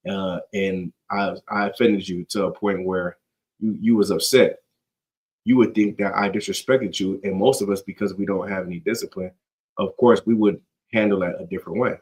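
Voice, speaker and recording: A man leading a scripture study in a loose, conversational way. His voice sits a little low, and he talks in slang, acting out bits of dialogue and checking in with his listeners. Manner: conversational, slangy, acts out dialogue, constant "you get what I'm saying". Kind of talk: casual scripture teaching.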